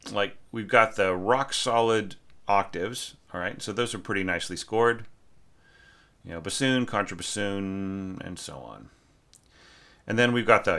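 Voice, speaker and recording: A man's voice: sits low, bright, forceful tone. A man teaching orchestration, casually thinking aloud as he critiques a student's score and sings rhythms as nonsense syllables.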